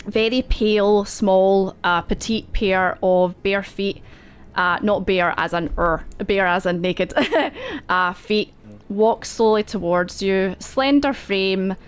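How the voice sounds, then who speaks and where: Slow, rambling woman game master. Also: medium pitch, clear, resonant tone. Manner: loose, rambling narration with many fillers and asides. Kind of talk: narrating a tabletop game.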